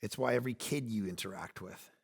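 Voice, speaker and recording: A man in his forties preaching a sermon, animated, swinging between loud bursts and quiet asides. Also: on the low side, fast talker, vocal fry, breathy edge. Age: 40s. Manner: acts out quoted lines in playful voices. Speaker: pastor.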